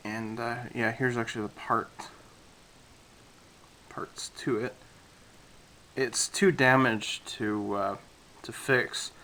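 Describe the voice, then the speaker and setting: A man casually talking through a scale model build, with relaxed, rambling speech and many fillers, a little out of breath. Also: mid-range voice, slow pace, long pauses, a little hiss or hum, rough recording.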